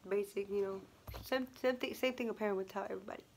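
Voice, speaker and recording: A woman's voice: medium pitch, fairly even intonation, quick pace. Young woman rambling through a storytime vlog, lots of likes and you knows, bit of hiss behind. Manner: chatty, many fillers and laughs, acts out quotes. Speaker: vlogger.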